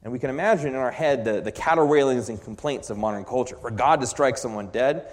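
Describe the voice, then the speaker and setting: A man preaching a sermon with passion, dropping low and quiet and then rising to loud, emphatic peaks. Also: quick pace, hardly any pauses, in a large hall.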